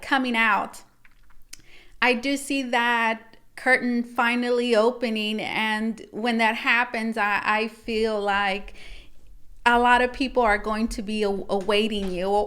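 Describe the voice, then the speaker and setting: A woman's voice: on the high side, a bit bright, smooth. A woman tarot reader talking casually to viewers, rambling and repeating herself as she reads the cards. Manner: rambling and repetitive, addressing viewers as guys. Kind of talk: casual tarot reading to camera.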